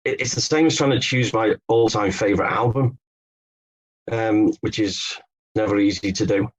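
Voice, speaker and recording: Speaking at a moderate pace in a fairly low voice, this man is heard on a rough recording. He's an English author and Beatles expert guesting on a podcast, where his answers come as explanatory stories sprinkled with fillers and restarts.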